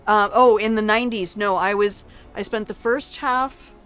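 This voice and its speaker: A woman's voice: medium pitch, fairly even intonation, moderate pace, fairly bright tone, clear, resonant tone, soft background music. An older woman streaming a video game, chatting casually with viewers in a salty, teasing way and swearing freely. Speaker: gaming streamer. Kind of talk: casual gameplay commentary.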